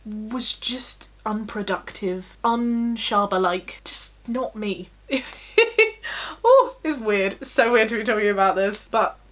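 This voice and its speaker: A woman's voice: medium pitch, slow pace. A young woman vlogging in a casual, confessional chat, talking openly and laughing at herself. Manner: chatty, giggly, self-deprecating.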